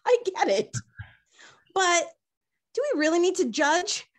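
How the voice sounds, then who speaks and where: A woman's voice: very high-pitched, a little slow. A woman in her forties hosting a casual talk show, telling stories and acting out what people said. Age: 40s. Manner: animated storyteller, acts out quotes. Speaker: host. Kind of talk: casual chat.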